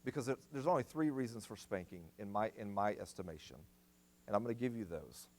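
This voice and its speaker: A middle-aged man preaching in a church, his pitch climbing and dropping freely as he drives each point home. He repeats short commands for stress and talks straight to the congregation. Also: lively intonation, fairly quick, darkish tone. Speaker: guest speaker at family seminar. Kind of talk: sermon.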